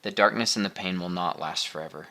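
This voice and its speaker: A man reading the part of a calm, wise man who offers reassuring counsel in an audiobook. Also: sits low, fast talker.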